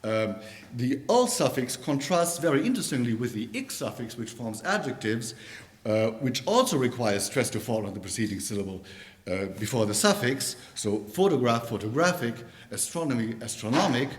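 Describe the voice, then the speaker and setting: A man giving an academic conference talk on linguistics in a university lecture room, pausing often and restarting his sentences. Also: mid-range voice, big pitch swings. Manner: halting, with many fillers and restarts.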